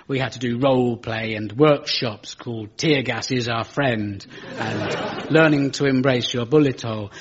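A young British man doing stand-up storytelling on stage, dry and ironic, rising into high exasperated rants. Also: slightly rough. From Britain. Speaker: comedian. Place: stage before a live audience. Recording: muffled live stage recording with audience.

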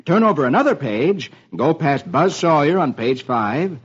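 A man's voice: on the high side, very animated, unhurried, breathy edge. A man hosting a radio show, cheerfully reading the comics aloud for children with rhyming patter. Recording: dull old radio recording with hiss.

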